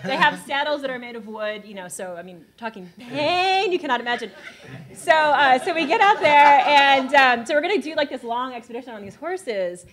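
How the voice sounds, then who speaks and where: A woman from Texas, a writer on a discussion panel, telling an anecdote in an animated way with laughter. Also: high voice, normal speed. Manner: animated, laughing, acts out quoted voices.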